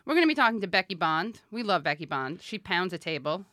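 Host role: woman, lower voice, jokey banter with her co-host. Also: sing-song, fast talker, bright, forceful tone, dry recording. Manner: playful, bantering, laughs often. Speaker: podcast host. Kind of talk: casual political talk show chat.

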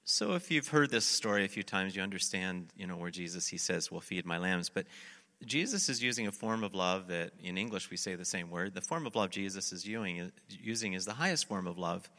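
Preaching at a brisk clip, a very low-voiced pastor sounds bright and forceful. His storytelling is lively, and he performs the characters' lines and scripture quotes himself. Long reverb surrounds him, suggesting a big hall.

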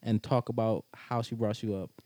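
A man's voice: on the low side, flat delivery, normal speed, warm tone, no room sound. A man hosting a podcast in casual, crude banter, teasing his guests and laughing often. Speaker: podcast host.

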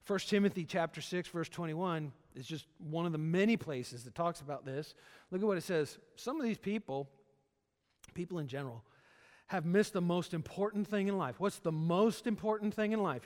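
Middle-aged male pastor, slightly high voice, emphatic and repetitive, church hall with long reverb. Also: normal speed. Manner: animated, emphatic with repetitions and jokes. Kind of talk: sermon. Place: church service.

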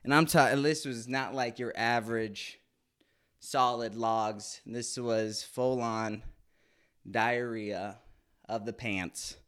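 A man's voice: medium pitch, fairly even intonation, takes it slowly, fairly bright tone, smooth. A man in his late twenties telling a candid, crude, comic story with lots of swearing in a casual monologue. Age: 20s. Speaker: podcast host.

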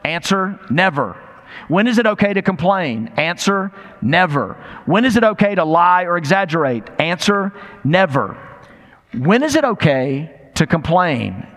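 An older man delivers a sermon in an emphatic, conversational way, firing rhetorical questions and repeating his key lines. His voice sits a little high for a man. The sound carries the long reverb of a large hall. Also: very animated, unhurried, a bit bright. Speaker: pastor.

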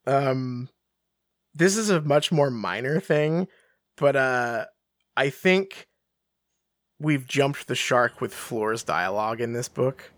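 A podcast co-host in casual book-discussion chat, rambling and animated, full of fillers. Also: mid-range voice, takes it slowly, pauses often, no room sound, studio quality. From England.

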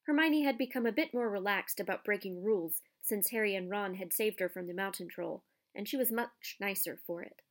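Woman narrator, storybook audiobook, measured and expressive, mid-pitched.

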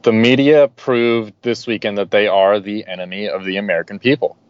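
A man with a low voice is a guest on a political podcast and argues his case steadily and earnestly. The recording is dry and dull, with little room sound. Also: steady tone, a little fast, no room sound. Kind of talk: casual political podcast chat.

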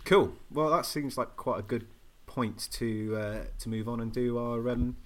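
A man's voice: medium pitch, unhurried. A man with a mid-range voice hosts a podcast chat. He speaks hesitantly and leans on a lot of fillers as he steers the talk. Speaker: podcast host. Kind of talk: casual chat.

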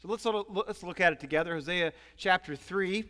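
A male pastor preaching in an animated, storytelling manner. His voice is high for a man and carries a long hall reverb around it. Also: a little fast, smooth. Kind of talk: sermon.

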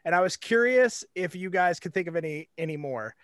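A man's voice: sits high, lively intonation, a little fast, clear, resonant tone, dry recording. A man hosting a podcast in casual chat, rambling with lots of fillers and frequent laughter. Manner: giggly, rambling with many fillers. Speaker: podcast host.

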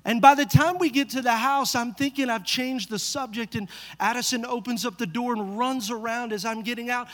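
A man with a very high voice preaches from a church stage, spinning a family story and firing rhetorical questions at the pews. His voice rings out with a long hall echo. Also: fairly even intonation, brisk, hardly any pauses, a bit bright. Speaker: pastor. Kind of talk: sermon.

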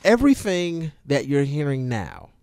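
A man in casual, profane conversation about hip-hop songs, animated and given to building up his points. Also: on the high side, a little slow, clear, resonant tone, no room sound, studio quality. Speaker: podcast co-host.

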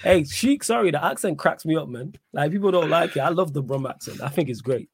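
A man's voice: a little high, expressive, fairly quick, creaky, slightly rough, dry recording. A man hosting a live stream, casual and joking, laughing often as he chats and reads out viewer messages. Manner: laughs a lot, loud and joking. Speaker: stream host.

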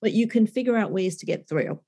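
A woman's voice: mid-range voice, a little fast, mellow, breathy edge. Woman co-hosting a casual podcast. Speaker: podcast co-host.

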